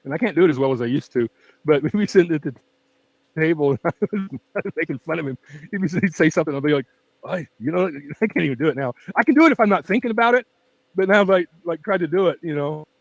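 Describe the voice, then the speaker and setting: A man's voice: a little high, lively intonation, fast, gravelly, dry recording, low-quality recording. A man hosting a true-crime channel, chatting in a casual, rambling way at home with his pets, laughing often, speaking very close to the mic, and with a weak voice that tires easily. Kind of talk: casual rambling livestream chat. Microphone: very close to the microphone.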